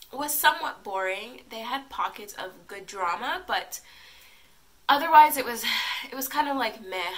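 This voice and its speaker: A woman's voice: mid-range voice, sharp tone. A young woman with a congested, stuffy voice, giving a casual, opinionated TV recap on her channel, full of "like" and "um". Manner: opinionated, lots of "like" and "um" fillers. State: congested from a cold. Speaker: YouTube recap vlogger.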